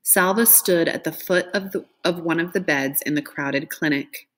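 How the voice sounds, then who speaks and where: A woman reading a novel aloud in a gentle, expressive way, raising her voice for the characters' lines. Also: moderate pace. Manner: expressive, gentle, lifts pitch for dialogue. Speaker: reader.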